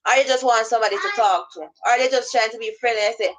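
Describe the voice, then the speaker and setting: A woman's voice: fairly high pitch, fast, fairly bright tone, low-quality recording. A woman giving casual advice about spotting scammers, rambling and acting out both sides of phone calls. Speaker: vlogger giving scam-awareness advice. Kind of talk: casual instructional talk.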